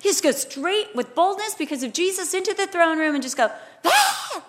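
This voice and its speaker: High-voiced woman preaching with loud cries. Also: a little fast. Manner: animated storytelling with loud cries. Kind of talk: sermon.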